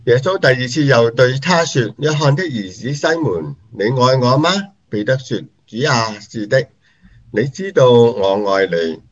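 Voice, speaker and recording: A man's voice: medium pitch, unhurried. Man reciting scripture, dull recording. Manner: even, formal recitation. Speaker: scripture reader. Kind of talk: Bible reading.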